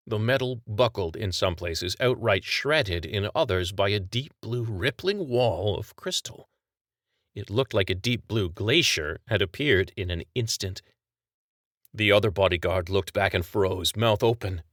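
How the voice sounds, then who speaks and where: A man reading his own story aloud as scripted audiobook narration, with a measured, even storytelling delivery. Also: fairly low pitch, no echo, studio quality.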